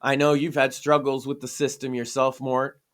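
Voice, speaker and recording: A man's voice: mid-range voice, little pitch movement, normal speed, fairly bright tone. A man in a casual podcast discussion, talking earnestly and emphatically and swearing freely.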